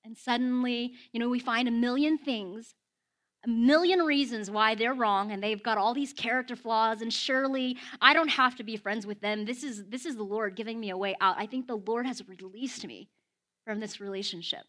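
A woman preaching a sermon, telling a story and acting out the quotes with rising excitement. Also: a little high, normal speed.

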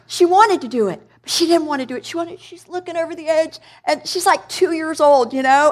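A woman preacher giving a sermon in a conversational, animated way, asking the congregation questions. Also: sits high, fairly quick, few pauses. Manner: conversational, animated, quizzes the audience.

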